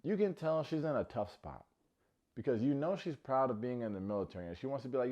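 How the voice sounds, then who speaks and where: A man's voice: mid-range voice, quick pace, muffled recording. A man recapping a reality dating show in a casual, joking way, often mimicking the cast's lines. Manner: joking, animated, mimics cast members' lines. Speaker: recap reviewer.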